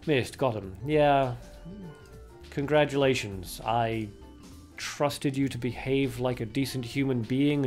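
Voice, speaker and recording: A man streaming a card game and chatting casually with his viewers. He thinks aloud and leans on lots of fillers as he plays. Faint game music runs underneath. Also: mid-range voice. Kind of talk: casual livestream commentary.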